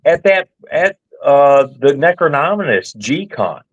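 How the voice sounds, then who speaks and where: A man's voice: fairly high pitch, sing-song, slow pace, dull audio. A man talking earnestly as a podcast guest in casual chat.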